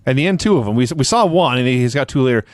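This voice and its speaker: A man's voice: mid-range voice, lively intonation, fast talker, no room sound, studio quality. A man co-hosting a podcast, chatting casually and rambling with restarts and chuckles. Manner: rambling, restarts, chuckles at his own jokes. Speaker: podcast co-host reviewing wrestling shows. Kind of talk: casual chat.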